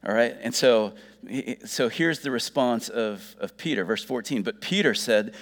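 Man, middle-aged, pastor, casual preaching, restarts words, mid pitch, reverberant church hall. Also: moderate pace. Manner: conversational, joking asides, restarts words. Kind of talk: sermon.

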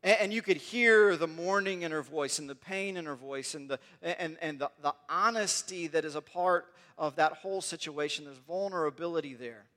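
Male preacher, sermon, earnest, repeats words mid-thought, high-pitched voice. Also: normal speed, few pauses, pushed and bright. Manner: earnest, repeats words while building a point.

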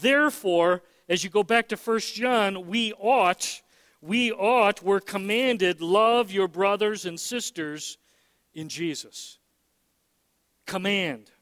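A man's voice: sits high, slow, a bit bright, no room sound, big-room sound. A man preaching a sermon as pastor, emphatic, often repeating words and using fillers.

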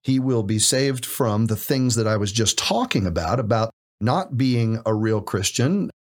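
A man's voice: lowish voice, expressive, a little slow. Guy preaching-ish on a podcast, voice jumps up and down a lot, keeps quoting verses. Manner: emphatic, quotes scripture, asks rhetorical questions. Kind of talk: conversational Bible teaching.

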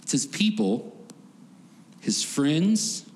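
This preacher's fairly high voice is very animated yet very slow as he delivers a conversational sermon, laughing often and acting out story voices. Long hall reverb and faint background noise are audible.

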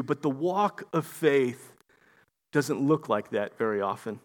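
A man's voice: medium pitch, animated, slow pace. A man preaching a sermon in an earnest, conversational way, sometimes stammering on repeated words.

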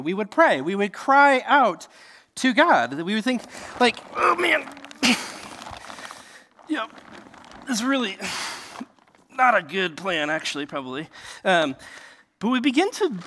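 A man's voice: high-pitched, a bit bright, in a large hall. A man preaching a sermon from a cramped enclosed space, conversational and full of rhetorical questions. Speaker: pastor.

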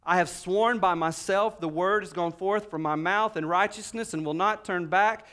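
Guy preaching a sermon, high-pitched voice, punchy loud bits then quiet asides, slows down on scripture. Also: clean tone. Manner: emphatic, swings between loud proclamation and quiet asides; reads scripture aloud with slowed, stressed phrases.

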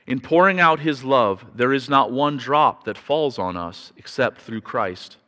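A man preaching a sermon, telling a family story in a chatty, halting way, with repeated words and restarts, and growing louder when he gets excited. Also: mid-range voice. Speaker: pastor. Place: church sanctuary. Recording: reverberant church hall.

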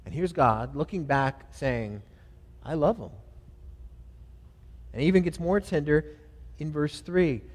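Male pastor, fairly high voice, preaching with earnest swells, long church reverb. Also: moderate pace. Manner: earnest, reads scripture aloud and leads prayer; builds to louder emphatic phrases, then drops soft. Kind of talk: sermon. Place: church sanctuary.

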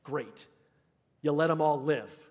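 In a church sanctuary with long hall reverb, a pastor preaches to his congregation in a chatty, conversational way, often checking whether they're following along. His voice is fairly high, slow, and a little mellow.

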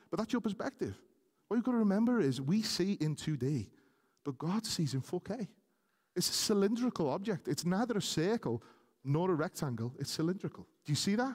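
A man's voice: a little high, darkish tone, big-room sound. A man preaching a sermon earnestly, speaking directly to his congregation and rising to emphatic peaks.

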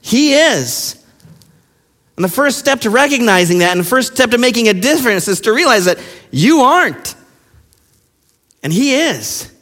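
A male pastor preaching a sermon with passion, firing rhetorical questions and dropping to hushed lines. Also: very high voice, lively intonation, fast talker. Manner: impassioned, with rhetorical questions and sudden hushed drops. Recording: long reverb of a large hall.

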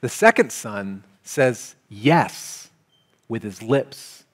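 A man preaching a sermon as pastor, talking in a conversational, animated way. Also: mid-range voice, very slow, breathy edge. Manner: conversational, animated, shifts into quoted voices. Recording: long hall reverb, faint music.

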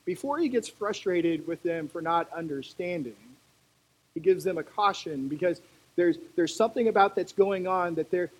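A preacher giving a conversational sermon, animated and full of storytelling asides. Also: mid-range voice, breathy edge, rough recording.

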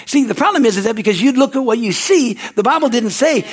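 A man's voice: very high-pitched, expressive, fast talker, hardly any pauses, breathy edge. A man preaching a sermon in an emphatic, repetitive style, punctuated with amens and hallelujahs.

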